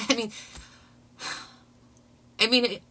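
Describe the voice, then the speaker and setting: A woman chats to her viewers on a casual livestream in a bright, forward voice. She is excitable and keeps breaking into laughter. Her talk is loose and gushing. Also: mid-range voice, moderate pace. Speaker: channel host.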